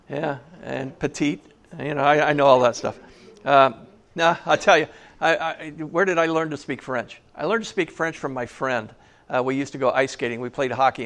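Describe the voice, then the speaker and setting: A man's voice: fairly high pitch, fairly bright tone. A man preaching a sermon in a church, conversational and jokey, often asking the congregation questions. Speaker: pastor.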